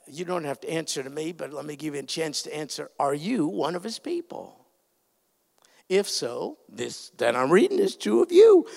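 A man preaching a sermon as pastor, earnest and emphatic, his voice swelling loud on key points. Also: a little high, vocal fry. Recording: reverberant hall sound.

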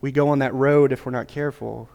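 A man's voice: medium pitch, fairly even intonation, fast talker, vocal fry, a little mellow, clean tone. A man preaching a sermon as a pastor, with a casual, joking, conversational delivery. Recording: long hall reverb.

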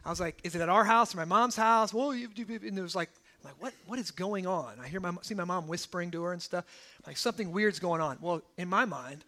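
A pastor in his thirties preaches to his church, mixing scripture with lively personal stories. His voice sits very high for a man and rings bright and forceful, and he keeps checking in with his listeners. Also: fast. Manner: animated storytelling, asides like "okay?".

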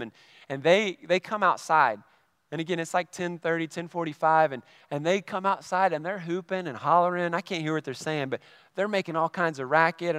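A middle-aged male pastor preaching a sermon, telling a story and acting out his own reactions with lively energy. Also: a little high, clear, resonant tone, dry recording, studio quality, long reverb tail.

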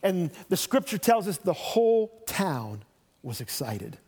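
This pastor has a high, very animated voice with a slightly mellow, breathy edge, and he speaks at a measured pace. In his sermon he retells a Bible story and performs the voices of its characters, all under the long reverb of a church hall.

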